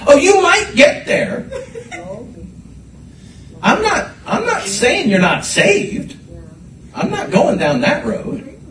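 A man preaching a sermon to a congregation, animated and repeating his words as he rises to shouts. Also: very high-pitched, takes it slowly, pauses often, a crowd in the background. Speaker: pastor. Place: church sanctuary. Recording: echoey room from a distance.

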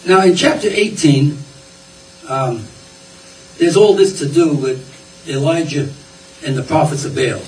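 A man's voice: a little high, measured pace, darkish tone, a little hiss or hum. A man preaching a sermon in a folksy, conversational way, often repeating his words. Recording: roomy, distant, faint ambience.

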